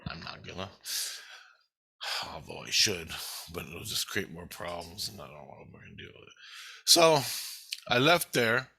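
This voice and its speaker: A man's voice: sits low, very animated, unhurried, gravelly, pauses often, pushed and bright, breathy edge, dry recording. A man telling a rambling, agitated story in a casual spoken monologue, full of swearing. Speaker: vlogger.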